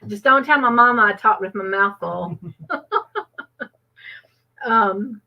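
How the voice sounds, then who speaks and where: A woman with a mid-range voice and vocal fry takes it slowly while hosting a casual live trivia stream from home. She's chatty, laughs often and reads chat names aloud to thank viewers, all in dull lo-fi stream audio.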